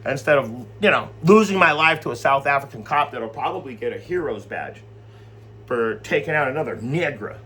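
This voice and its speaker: Animated, profane preacher man. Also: mid-range voice, a little fast. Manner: animated, profane, rambling storytelling. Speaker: Bible study teacher. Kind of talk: informal scripture teaching.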